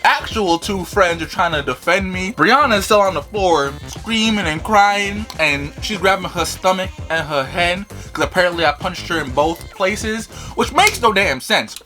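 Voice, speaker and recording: A man telling a funny childhood story in a casual, animated vlog style, swearing freely. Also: high voice, moderate pace, hardly any pauses, faint music behind. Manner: animated, swearing, lots of fillers. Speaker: vlogger.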